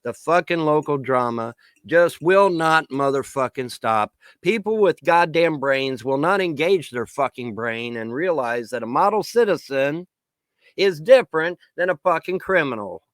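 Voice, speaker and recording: A man ranting at the camera in a vlog, swearing constantly, taunting his critics and shouting in bursts. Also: on the high side, lively intonation, a little slow, no room sound. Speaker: vlogger. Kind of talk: angry profane rant to camera.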